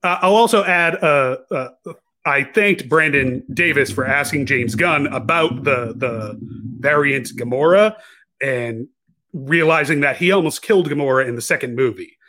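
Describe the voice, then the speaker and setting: A man's voice: medium pitch, moderate pace, bright, forceful tone. A man co-hosting a podcast, chatting casually about a film with lots of restarts and self-corrections. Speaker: podcast co-host. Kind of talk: casual podcast review chat.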